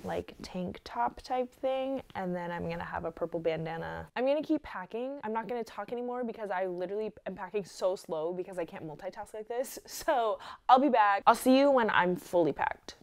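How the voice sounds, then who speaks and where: A woman's voice: mid-range voice, lively intonation, brisk, gravelly. A young woman chatting casually in a vlog, bubbly and giggly, full of "like" fillers. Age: young adult. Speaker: vlogger, college dance team member.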